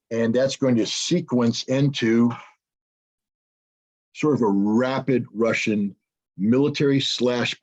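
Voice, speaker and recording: Male analyst in an interview, hoarse-edged voice, blunt talk, dull recording. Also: medium pitch, darkish tone. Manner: blunt, opinionated, repeats words when searching. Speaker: interview guest, military analyst. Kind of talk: unscripted interview commentary.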